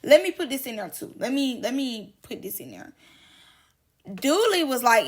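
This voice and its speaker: A woman's voice: high voice, sing-song, moderate pace, breathy edge. A woman hosting casual gossip commentary, chatty and emphatic, drawing out her exclamations. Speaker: drama commentary host.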